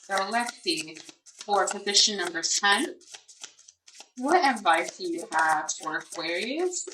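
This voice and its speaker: A tarot and oracle card reader gives a casual reading in a mid-range, slow voice with lively intonation, musing and hesitant as she speaks aloud to Spirit with many fillers. The mic is distant in an echoey room, with faint noise.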